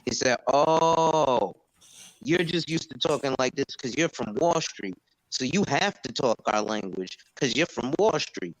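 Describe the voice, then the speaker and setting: A man's voice: mid-range voice, animated, normal speed, a bit bright. A man talking casually on an open panel. He tells stories about his insurance work and acts out conversations in a mid-range voice. The sound is dry and close, with no room echo. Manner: storytelling, acts out quoted conversations. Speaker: insurance agent and panel speaker.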